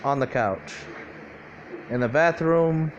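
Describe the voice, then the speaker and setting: A man's voice: fairly high pitch, takes it slowly, lo-fi sound, a little hiss or hum. Rambling, profane young man telling a story. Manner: rambling, profane, laid-back, with many fillers and self-corrections. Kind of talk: casual improvised fan-fiction storytelling.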